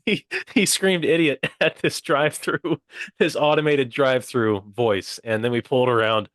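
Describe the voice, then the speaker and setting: A man's voice: medium pitch, unhurried, dry recording, clean studio sound. Young man telling a story dryly. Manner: animated, quotes people in put-on voices, laughs often. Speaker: podcast co-host. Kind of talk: casual comedic storytelling. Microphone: video call.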